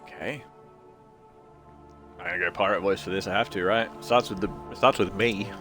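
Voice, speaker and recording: Low-voiced man rambling over a game. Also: normal speed, bright, forceful tone, soft background music. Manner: rambling, joking, reads game text aloud. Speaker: video game streamer. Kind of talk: casual gameplay commentary.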